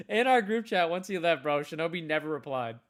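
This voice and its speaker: A young man hosting a relaxed trading livestream, his voice sitting a little high for a man. He talks loosely and profanely, calling everyone bro as he tells stories to his viewers. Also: unhurried. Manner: loose slangy storytelling, swears often, calls everyone bro. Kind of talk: casual livestream chat.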